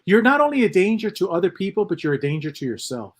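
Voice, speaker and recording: A man's voice: high-pitched, very animated, quick pace. A man hosting a casual livestream, reading chat comments aloud and rambling on with lots of repeats and mutters.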